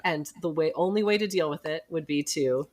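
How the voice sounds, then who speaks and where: A woman's voice: deep voice, a little fast. A middle-aged woman, a physician and podcast co-host, telling a family story in casual chat and acting out the people she quotes. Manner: animated storyteller who acts out quoted people.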